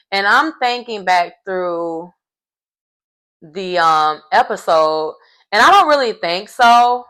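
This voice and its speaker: A woman's voice: mid-range voice, lively intonation, takes it slowly, fairly bright tone. A woman giving a casual, gossipy recap of a reality show, chatty and acting out quotes as she goes.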